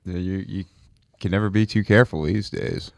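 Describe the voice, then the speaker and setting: A man joining a casual podcast chat as a guest, dropping dry deadpan quips. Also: low-pitched, moderate pace, gravelly, no echo.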